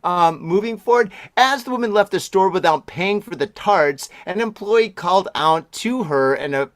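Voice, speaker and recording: A man in his forties hosting a podcast in a rambling, chatty way, exclaiming and laughing often, his voice a bit deeper while he recovers from strep throat. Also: no room sound, studio quality. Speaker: podcast host. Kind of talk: casual podcast chat.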